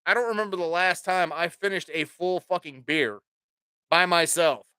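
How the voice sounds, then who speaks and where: A man's voice: high voice, normal speed, pushed and bright, smooth, no echo, clean studio sound. A man hosting his own podcast, rambling casually with plenty of swearing and jokes. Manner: profane, rambling, jokey. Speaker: podcast host.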